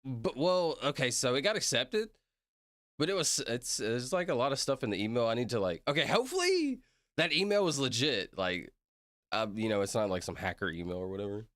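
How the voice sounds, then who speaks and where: A man's voice: mid-range voice, big pitch swings, brisk, a bit bright, dry recording, studio quality. A man chatting casually on a livestream, rambling, laughing often and apologizing a lot to his chat. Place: at his computer streaming.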